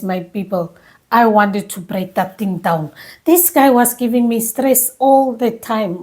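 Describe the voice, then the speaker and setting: Woman telling her story, mellow voice. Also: mid-range voice. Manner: emotional, animated retelling with many restarts. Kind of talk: personal storytelling.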